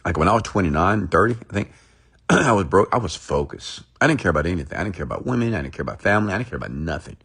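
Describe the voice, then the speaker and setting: Gravelly low-voiced motivational man. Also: sing-song, very fast, a bit bright. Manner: rambling, emphatic, repetitive. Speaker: motivational speaker. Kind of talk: motivational storytelling rant.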